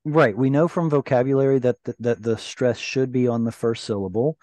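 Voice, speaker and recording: A man's voice: medium pitch, steady tone, a little fast, a little mellow, dry recording. A man teaching a Hebrew reading class over a video call, explaining grammar patiently. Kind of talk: online class discussion.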